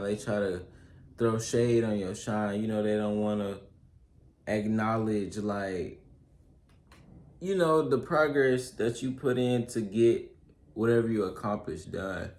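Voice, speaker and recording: A young man with a fairly low voice talks through a list of advice pointers in a loose, slangy way, tossing in fillers and check-ins. His voice carries a roomy echo, as if he were in a bare room. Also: a little mellow. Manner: loose slangy delivery, many fillers and "you feel me"; works through a list of pointers, reading some aloud. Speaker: YouTuber giving advice. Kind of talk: casual solo advice talk.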